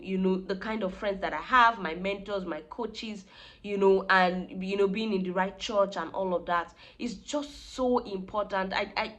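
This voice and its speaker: A woman's voice: medium pitch, fairly bright tone. A young woman talking to camera in a casual, reflective vlog, earnest and heartfelt. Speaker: vlogger.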